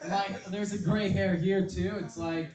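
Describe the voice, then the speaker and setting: A young man doing a stand-up set, rambling, self-deprecating and deadpan. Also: high voice, a little slow. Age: young adult. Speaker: stand-up comedian. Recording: echoey club from far off. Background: crowd noise.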